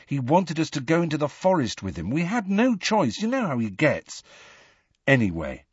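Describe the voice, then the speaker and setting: A man's voice: fairly high pitch, huge pitch swings, normal speed, slightly rough, no echo, dull audio, pitched above the performer's own voice, full character voice. A man reading an audiobook voices a guarded teenage boy who speaks tersely and grimly. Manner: terse, grim.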